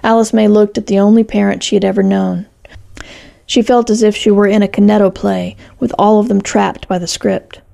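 A woman reading a story aloud as narrator, in a steady, measured way. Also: medium pitch, gravelly.

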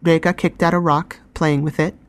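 A woman giving calm, scripted first-person narration of a fantasy story. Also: deep voice, normal speed, no echo.

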